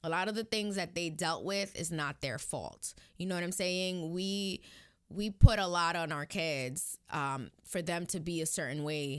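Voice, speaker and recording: A woman's voice: low voice, no room sound, studio quality. A young woman with a Caribbean Spanish accent talking casually to her viewers, rambling and going off on tangents. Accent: Hispanic Caribbean. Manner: chatty, rambling, addresses viewers directly. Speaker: vlogger. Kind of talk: casual personal vlog talk.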